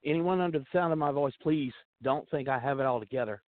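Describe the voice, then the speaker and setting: A man's voice: mid-range voice, fast talker, no room sound. Earnest man pleading over a phone line. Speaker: guest. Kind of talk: heartfelt testimony on talk radio.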